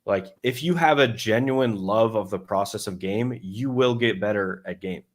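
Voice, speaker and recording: A man's voice: lowish voice, moderate pace. A man talking loosely through his coaching method as a dating coach, with lots of fillers and restarts, acting out his own thoughts as quotes. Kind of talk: casual explanatory talk.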